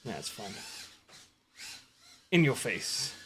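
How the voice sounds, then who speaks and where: A man live-streaming indoor drone flights, commenting excitedly and answering chat questions, exclaiming and swearing at crashes. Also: fairly low pitch, extremely slow, a little hiss or hum. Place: house, indoors.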